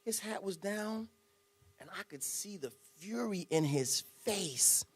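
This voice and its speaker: A man giving a speech to a club audience, telling a story in an animated, dramatic way with spoken sound effects. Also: sits high, slow, slightly rough. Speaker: guest speaker.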